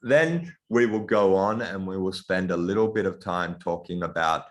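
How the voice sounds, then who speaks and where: A middle-aged man with a mixed Australian and European accent, giving an online lecture in a halting way, with many ums and restarts, over a video call. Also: deep voice. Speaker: guest lecturer. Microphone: computer mic on a video call.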